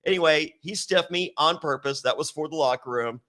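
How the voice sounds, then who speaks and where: Animated, foul-mouthed storytelling man. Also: fairly high pitch, brisk. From Virginia, US. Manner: animated, acts out quotes in raised voice, heavy swearing. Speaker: interview guest. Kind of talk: casual storytelling with profanity.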